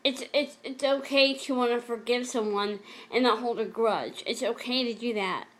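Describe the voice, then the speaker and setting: Halting, emotional woman telling her story. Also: fairly high pitch. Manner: emotional, halting, repeats herself. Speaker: vlogger. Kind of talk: personal storytelling vlog.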